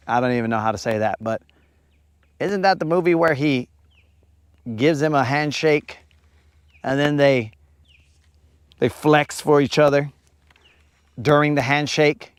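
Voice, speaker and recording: Man, fishing livestream host, playful banter, slangy, slightly high voice, on a lake. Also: unhurried, long pauses, smooth, no echo. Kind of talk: joking banter with chat.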